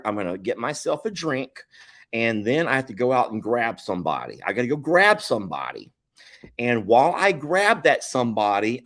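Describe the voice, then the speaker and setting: Folksy man, lively pitch. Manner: rambling and folksy, with stammers. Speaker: livestream host. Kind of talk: casual live chat to viewers.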